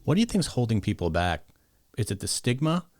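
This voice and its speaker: A man with a New York accent hosting a podcast interview, easygoing and quick with short affirmations. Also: on the low side, big pitch swings, darkish tone, faint music behind. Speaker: podcast host. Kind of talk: casual interview.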